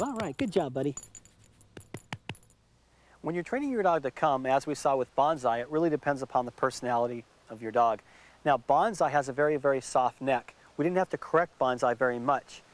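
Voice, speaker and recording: A middle-aged man working as a dog trainer, explaining steps patiently and repeating words for emphasis in an instructional demonstration outdoors. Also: medium pitch.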